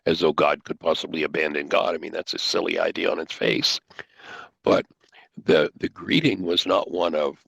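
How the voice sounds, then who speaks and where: Gravelly, animated older man teaching. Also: low-pitched, dry recording, low-quality recording. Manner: animated, acts out quoted dialogue. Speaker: host. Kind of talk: radio talk, teaching.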